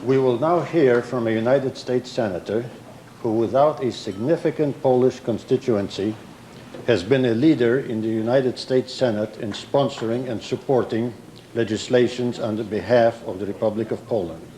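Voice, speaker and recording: Mellow-voiced man introducing speakers. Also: medium pitch, a little hiss or hum. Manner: measured and formal, with a small slip. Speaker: master of ceremonies. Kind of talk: formal event introduction.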